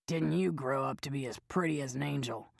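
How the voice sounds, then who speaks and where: A woman voicing a gaunt old man, a wheedling drifter who talks in a raspy drawl, in an audiobook. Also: extremely low pitch, a little fast, dry recording, clean studio sound, heavily acted.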